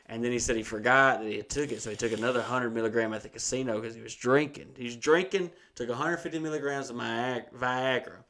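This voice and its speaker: Brief: male co-host, crude, laughing, swears freely, middle pitch. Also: fast, hardly any pauses, a bit bright. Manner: profane, storytelling, laughs a lot. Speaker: podcast co-host. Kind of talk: crude casual chat.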